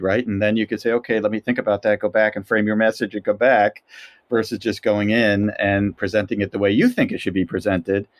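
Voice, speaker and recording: A man hosting a podcast interview, summarizing advice politely and giving the sign-off. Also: on the low side. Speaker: podcast host. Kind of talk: interview and outro.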